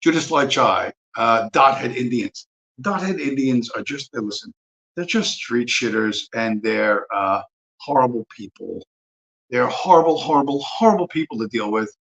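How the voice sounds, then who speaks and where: A man's voice: mid-range voice, animated, normal speed, fairly bright tone, dull audio. A man hosting a livestream, ranting profanely and with strong emphasis. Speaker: livestream host. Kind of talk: livestream rant.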